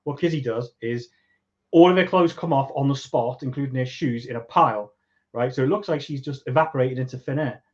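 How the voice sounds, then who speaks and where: A man from Liverpool with a softened Liverpool accent, co-hosting a podcast in a laid-back, wry, rambling way. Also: medium pitch, brisk, lo-fi sound. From Liverpool, England. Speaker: podcast co-host. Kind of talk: casual chat.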